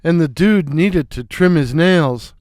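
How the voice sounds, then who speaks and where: An older man narrating a comic story in a wry, unhurried way. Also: a little high, a little mellow, no room sound, clean studio sound. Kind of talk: scripted narration.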